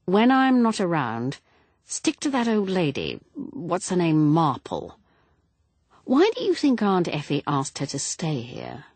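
A woman's voice: lowish voice, wildly swooping pitch, measured pace, a little mellow, breathy edge, no echo, voice pushed up, full character voice. A woman voicing a protective young husband in an audiobook, speaking in a pressing, emphatic way. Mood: coaxing. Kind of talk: audiobook character reading.

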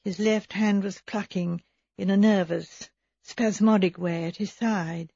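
Brief: woman audiobook narrator, measured and husky, dry, slightly dull sound. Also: medium pitch, steady tone, mellow, no room sound. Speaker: audiobook reader. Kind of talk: scripted narration.

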